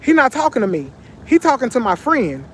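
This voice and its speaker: A man vlogging, telling a story in casual, animated slang with lots of repetition, sitting on a bench. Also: very high-pitched, a little fast, a little hiss or hum.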